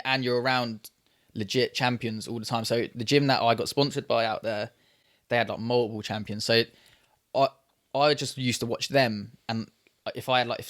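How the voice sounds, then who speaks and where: A man in his twenties with a Luton English accent, a podcast guest telling his story in loose, casual chat with swearing and restarts. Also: medium pitch. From England. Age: 20s. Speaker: podcast guest, Muay Thai fighter.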